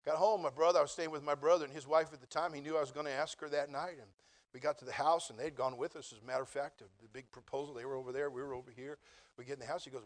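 A man's voice: a little high, racing. Folksy, humorous male preacher. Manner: folksy, humorous, animated storytelling. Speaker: preacher and Bible college teacher. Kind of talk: storytelling sermon.

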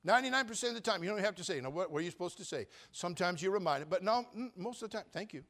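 An older man preaching a sermon, folksy and joking, telling stories and rising into loud preaching at times. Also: high-pitched, lively intonation, racing. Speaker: pastor.

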